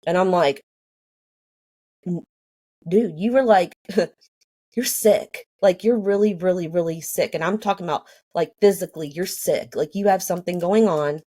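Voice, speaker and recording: A woman's voice: lowish voice, unhurried, pauses often, dark tone. A woman telling her own story casually, rambling with many fillers and acting out what people said. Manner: rambling, lots of fillers, acts out quoted dialogue.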